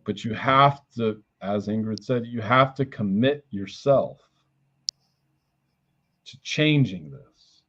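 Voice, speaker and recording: A man's voice: medium pitch, takes it slowly, pauses often. A man giving a blunt psychic reading on a livestream, relaying what he says spirits tell him. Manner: blunt, channels messages he says come from spirits; calls in angels and counts quietly under his breath. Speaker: psychic reader and healer. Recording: dull lo-fi stream audio.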